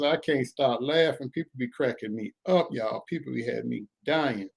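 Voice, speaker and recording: A man hosting a live commentary stream in a casual, animated way, with churchy exclamations and repeated phrases. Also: medium pitch, normal speed, creaky, hardly any pauses, slightly rough.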